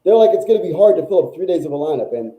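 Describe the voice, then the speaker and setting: A male music journalist, a guest on a talk show, telling stories in a casual, animated, rambling way that is full of "like". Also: a little high, very fast, roomy sound, rough recording. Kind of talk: casual storytelling chat.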